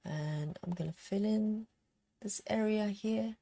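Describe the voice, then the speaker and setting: Slow, gravelly-voiced woman stitching live. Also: mid-range voice, mellow. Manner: chatty, giggly, reads out viewer comments. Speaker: cross-stitch live streamer. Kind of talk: casual chat while stitching on a live stream.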